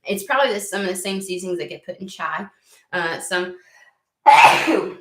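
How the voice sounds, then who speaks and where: A woman's voice: fairly low pitch, fairly quick, sharp tone, slight background noise. A woman from the United States, reading tarot and chatting casually, easily sidetracked, swearing now and then. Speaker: tarot reader. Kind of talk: rambling casual chat. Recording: echoey room.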